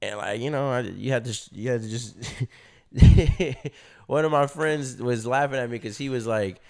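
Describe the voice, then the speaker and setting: A young man tells a story straight to the camera in loose street slang. He keeps slipping into quick impressions of his younger self, and his voice sits at an ordinary middle pitch. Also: gravelly. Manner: slangy, animated, acts out his own reactions. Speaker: vlogger. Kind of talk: casual storytelling.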